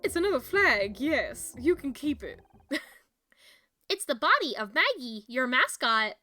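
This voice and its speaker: A confident young detective lays out the evidence point by point, crisp and matter-of-fact, as a woman reads her in a mystery game. Her voice is high and bright, recorded close and dry with faint music underneath. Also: sing-song, measured pace, full character voice. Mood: probing.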